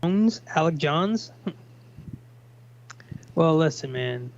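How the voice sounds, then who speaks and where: This is a man co-hosting a livestream, breaking off mid-sentence with sighs and casual swearing. His voice sits somewhat high. The call audio sounds dull and lo-fi. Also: expressive, a little mellow, slight background noise. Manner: halting, sighing, profane. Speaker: co-host. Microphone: online call.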